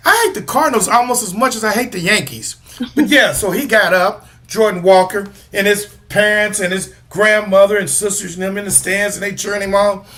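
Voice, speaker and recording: A man with a high, bright voice talks sports with a co-host in a loose, rambling way. He jokes and trash-talks rival teams, trailing off and restarting as he goes. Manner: rambling, joking, trash-talking. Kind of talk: casual sports chat.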